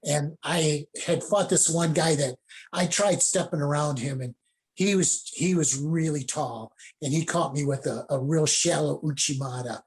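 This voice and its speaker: A man's voice: a little high, a little slow. A middle-aged man, a judo sensei, telling rambling stories casually on a video call. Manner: rambling anecdotes with laughs and acted quotes.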